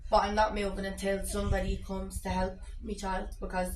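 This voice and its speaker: Woman, distressed, flat delivery, far-off mic, noisy echoey room. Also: mid-range voice, brisk. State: distressed, at breaking point. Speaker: mother of an autistic child.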